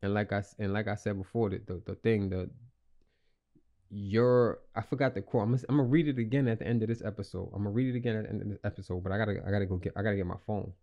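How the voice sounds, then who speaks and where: A man's voice: on the low side, fairly even intonation, racing, dull audio. A young man hosting a casual motivational podcast, rambling and repeating himself in slangy, earnest talk. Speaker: podcast host.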